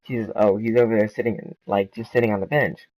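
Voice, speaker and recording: A man's voice: on the low side, fairly even intonation, a little mellow, no room sound, poor audio. A young man hosting a gaming channel, telling a casual storytime with lots of swearing and "right?" and "like". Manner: quick, loose and informal, lots of "right?" and "like".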